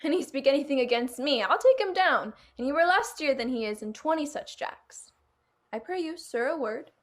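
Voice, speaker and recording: A woman's voice: sits high, expressive, moderate pace. A woman playing a chatty, fussy old nurse with a teasing, giggling manner in a video-call reading. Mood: bantering. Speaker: actor. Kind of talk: virtual staged reading.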